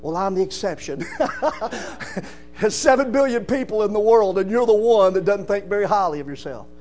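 A man, rising into loud emphatic calls and peppering his sermon with "amen". A low mains hum runs under the recording. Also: expressive, moderate pace. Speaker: preacher.

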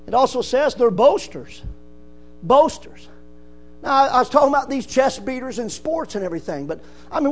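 A man's voice: very high-pitched, sing-song, moderate pace. A man preaching a sermon, emphatic and rising, calling out "amen" often. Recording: mains hum.

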